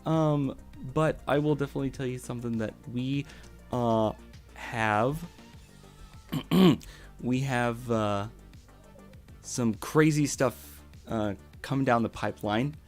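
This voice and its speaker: A young male VTuber is live-streaming, excitedly thanking his viewers with lots of fillers and repeated words. His medium-pitched voice moves slowly with long pauses, and faint music plays behind him.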